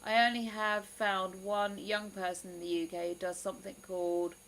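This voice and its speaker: A woman's voice: medium pitch, flat delivery, moderate pace, fairly bright tone, slight background noise, low-quality recording. A woman hosting a livestream, chatting casually and reading out viewer comments with frequent exclamations. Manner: chatty, exclamatory, lots of "ooh". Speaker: livestream host.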